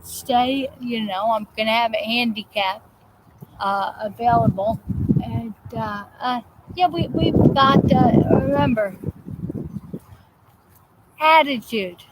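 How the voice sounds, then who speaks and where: A woman hosting a live chat show, rambling casually with halting restarts and fillers while greeting viewers outdoors. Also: fairly high pitch. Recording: loud background noise, vehicles passing.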